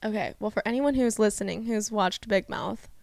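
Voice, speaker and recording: A young woman co-hosting a podcast in casual chat, animated and agreeable, with lots of "like" and quick yeses. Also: medium pitch, gravelly, no echo. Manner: animated, agreeable, many "yes" and "like" backchannels. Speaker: podcast co-host, hairstylist.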